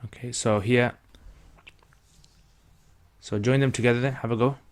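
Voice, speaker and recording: Slow, patient male reading teacher. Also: mid-range voice, steady tone. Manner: patient, repeats syllables and stretches vowels for learners. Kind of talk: slow step-by-step lesson.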